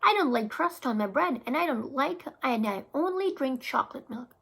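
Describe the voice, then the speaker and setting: Woman reader doing a whiny six-year-old boy, high and husky, storybook read-aloud. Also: lively intonation, normal speed, a bit bright, exaggerated voice. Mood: defiant. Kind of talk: children's book read-aloud.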